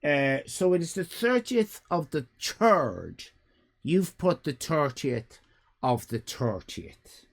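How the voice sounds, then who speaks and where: A man hosting a live stream, grading viewers' drawings in a mock-stern, theatrical way and often breaking into shouts. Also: a little high, very animated, takes it slowly, slight background noise. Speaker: livestream host.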